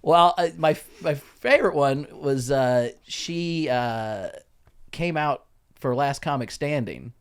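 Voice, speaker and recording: A man casually telling comedy club stories on a podcast, lively and laughing, slipping into other people's voices. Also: mid-range voice, slow pace, clear, resonant tone. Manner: animated storyteller, jumps into voices of others, laughs often.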